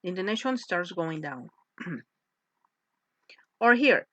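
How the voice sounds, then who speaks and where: A woman teaching an English lesson, slow and patient, often checking in with "yes?" as she explains. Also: fairly low pitch, sing-song, fairly bright tone, no echo. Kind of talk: slow classroom lesson with read-aloud phrases. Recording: dull lo-fi voice recording.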